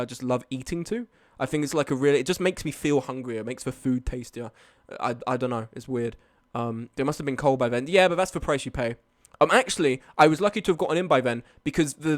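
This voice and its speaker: A young man telling a rambling story to his stream chat, swearing and laughing along the way. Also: medium pitch. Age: young adult. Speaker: live streamer.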